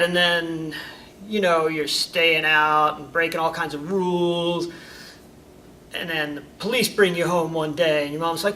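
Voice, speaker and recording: An animated karate instructor talks casually to his students and acts out little scenes as he goes. His voice is high and bright, and it sounds a bit distant from the mic. A faint hiss sits behind it. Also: a little slow. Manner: animated storyteller, acts out examples. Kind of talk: informal talk to students. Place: karate school.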